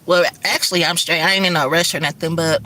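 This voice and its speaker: Middle-aged woman, rambling casual vlog talk, speeds up and swears freely, bright, forceful tone. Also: on the low side, fairly even intonation. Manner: fast-talking, profane, rambling. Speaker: vlogger and rideshare driver. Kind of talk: casual chat to camera.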